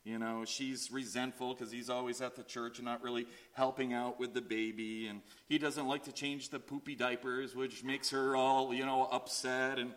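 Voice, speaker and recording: A man's voice: normal speed, few pauses. A man preaching a sermon, telling a story and acting out the characters' lines. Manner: storytelling with acted-out voices, animated swings in pitch. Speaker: pastor.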